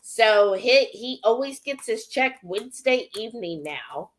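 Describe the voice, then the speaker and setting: A woman's voice: fairly high pitch, lively intonation, measured pace, fairly bright tone. A woman co-hosting a live cooking stream, chatting casually and laughing often. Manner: chatty, laughs often, reads viewer comments. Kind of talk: casual chat.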